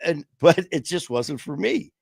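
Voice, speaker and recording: A man's voice: fairly high pitch, big pitch swings, measured pace, vocal fry, slightly rough, no room sound, clean studio sound. A man guest on a podcast, telling his recovery story bluntly, cursing freely and acting out both sides of conversations. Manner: blunt, profane, acts out dialogue. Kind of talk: candid storytelling interview.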